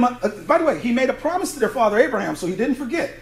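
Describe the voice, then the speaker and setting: A man with a high, sing-song voice talks quickly and barely pauses. He's a pastor leading a conversational Bible study sermon in a church sanctuary, reading scripture aloud and asking the congregation to fill in words. The room is echoey, with faint noise.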